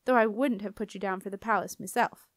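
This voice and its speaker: A woman's voice: medium pitch, fairly even intonation, fast, no room sound, studio quality, natural voice. A woman voicing a cocky young male barge boy who talks in slangy, overfamiliar speech. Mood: cheeky. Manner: slangy, overfamiliar, calls her darlin'.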